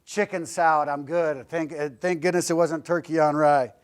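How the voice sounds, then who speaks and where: Easygoing construction worker, as a man tells it, relieved, fairly high voice. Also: fairly even intonation, moderate pace, clean tone, close to an everyday voice.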